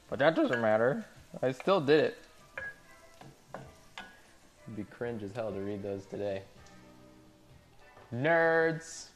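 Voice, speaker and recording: A man's voice: mid-range voice, very animated, takes it slowly, long pauses, faint music behind. A man streaming, reading out chat messages and chatting casually in a laid-back, rambling way with frequent laughs.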